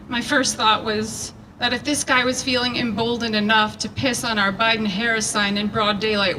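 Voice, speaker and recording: A woman reading a prepared speech at a rally, earnest and measured, picked up from a distance outdoors. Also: on the high side, bright, forceful tone. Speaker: rally speaker. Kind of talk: prepared speech read aloud. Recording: distant mic with background noise.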